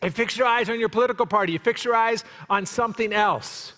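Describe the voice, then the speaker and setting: A man preaching a sermon as pastor in a church, animated and joking, acting out the voices he quotes. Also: sits high, fast, slight background noise. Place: church sanctuary. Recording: long hall reverb.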